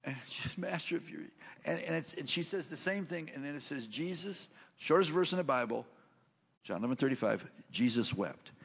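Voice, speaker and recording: Gravelly preacher in a reverberant hall. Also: male voice, a little high, animated, brisk. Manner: folksy storytelling, retelling scripture loosely, rising to loud reading. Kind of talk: sermon.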